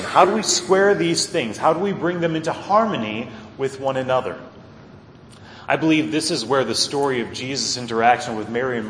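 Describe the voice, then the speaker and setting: A pastor preaching a sermon with earnest emphasis, swinging between loud stresses and quiet low asides. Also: male voice, roomy sound, big-room sound, slight background noise.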